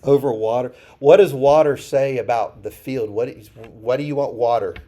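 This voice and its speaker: Guy pastor teaching a bible class, mellow tone, chatty, asks the room stuff and repeats himself. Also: mid-range voice, moderate pace. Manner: conversational, asks the group questions, repeats phrases for emphasis.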